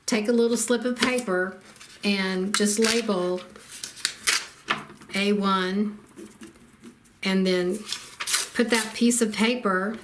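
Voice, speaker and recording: A middle-aged woman talks through a quilt pattern in a casual tutorial. She explains each step plainly, pausing on ums. Her voice sits at an ordinary middle pitch. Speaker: quilting instructor.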